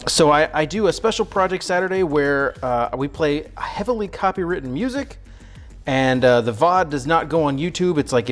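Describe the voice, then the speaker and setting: Guy chatting live while he cooks, goofy self-deprecating jokes, kinda high voice, quiet music in the back. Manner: joking, rambling, self-deprecating banter with chat. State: out of breath from sawing. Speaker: cooking livestream host. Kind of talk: casual live-stream chat while cooking. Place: home kitchen.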